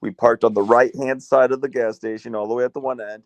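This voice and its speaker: A man in his thirties, co-hosting a sports podcast, telling stories in a casual, animated way and jumping up in pitch as he acts out scenes. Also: quick pace, no echo. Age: 30s. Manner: animated storyteller, voice jumps up when acting out scenes. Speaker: podcast co-host. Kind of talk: casual chat.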